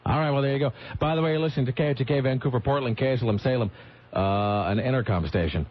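A man's voice: mid-range voice, fast. A man hosting a radio show from the studio, telling stories in a rambling way that keeps interrupting and correcting itself. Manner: rambling, self-interrupting storyteller. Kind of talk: morning radio banter and storytelling. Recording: slightly muffled radio broadcast, faint noise.

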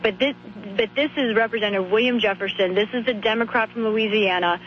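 A woman radio correspondent with a hoarse voice, reporting live in a brisk, conversational way. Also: a little high, highs cut off, a little hiss or hum.

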